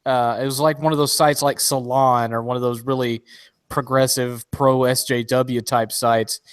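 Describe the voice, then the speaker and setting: A man explains his view in a loose, rambling podcast chat, full of restarts and fillers. His voice sits at a middling pitch. The sound is dry and close to the mic. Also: little pitch movement, moderate pace, clear, resonant tone, no echo.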